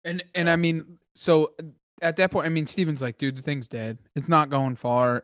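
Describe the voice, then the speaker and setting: A man telling a hunting story as a podcast guest, excitable and rambling, with lots of high energy. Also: brisk, no echo, studio quality. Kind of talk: casual chat, hunting story.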